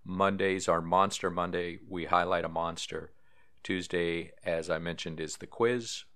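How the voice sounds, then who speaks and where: Man, very deep voice, podcast host, casual reading, offhand asides. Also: steady tone, a little slow, fairly bright tone. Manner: reads trivia and history aloud with asides.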